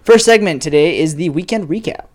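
A young man with a fairly high voice co-hosts a casual podcast. He leads the segments and announcements in an upbeat, announcer-like way. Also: expressive, brisk. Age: young adult. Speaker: podcast co-host. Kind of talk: casual chat.

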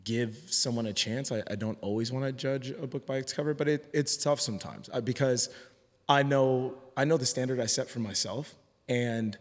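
A man's voice: medium pitch, moderate pace. A man talking as a podcast guest in a casual conversation, earnest and hesitant, often restarting his sentences. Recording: long hall reverb.

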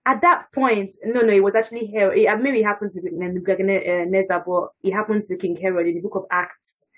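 A young woman giving a casual personal testimony on a church podcast, animated and laughing as she acts out what others say. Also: medium pitch, fairly quick, husky, muffled recording. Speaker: panel speaker on a church podcast.

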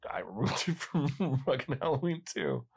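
A man's voice: medium pitch, big pitch swings, normal speed, breathy edge. A man in his late twenties chatting casually about movies, laughing often and acting out quotes in funny voices.

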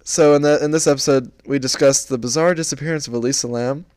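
A man's voice: medium pitch, steady tone, fast talker, a little mellow, clean tone, dry recording. A young man co-hosting a podcast in casual chat, rambling through stories and laughing as he goes. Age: young adult. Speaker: podcast co-host.

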